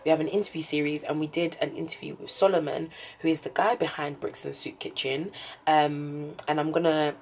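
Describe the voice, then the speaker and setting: Low-voiced chatty woman with a London accent. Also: slight background noise, rough recording. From England. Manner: chatty and heartfelt, drops to a soft near-whisper at times. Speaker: vlogger. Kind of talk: casual vlog chat. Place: indoors at home.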